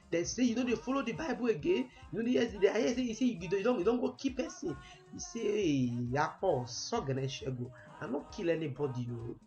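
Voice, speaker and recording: A man's voice: on the high side, darkish tone, lo-fi sound. A man with a Warri Nigerian Pidgin accent delivers a comic pidgin sermon. He is emphatic and acts out his anecdotes. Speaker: comic preacher.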